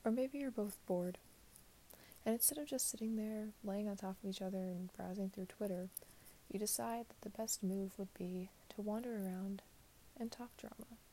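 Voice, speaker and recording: Soft-spoken young woman, half whispered. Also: mid-range voice, normal speed, a little hiss or hum. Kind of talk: reflective spoken monologue.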